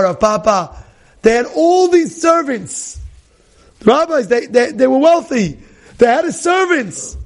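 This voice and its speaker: A man teaching as a rabbi in a lively Torah class, repeating his points and acting out the people in his stories. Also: extremely high pitch. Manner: animated, repeats phrases, acts out quoted people.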